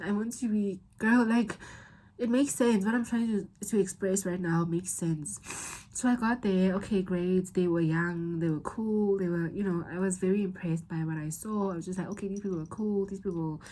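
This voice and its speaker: Poor audio carries the low, mellow voice of a young woman with a South African accent. In her vlog she tells a personal story candidly and ramblingly, restarting often and sometimes becoming tearful and emotional.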